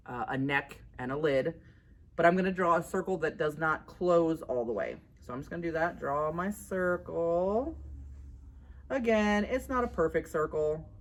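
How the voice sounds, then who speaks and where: An art instructor with a deep voice leads a casual drawing tutorial, chatty and upbeat and laughing at herself as she works.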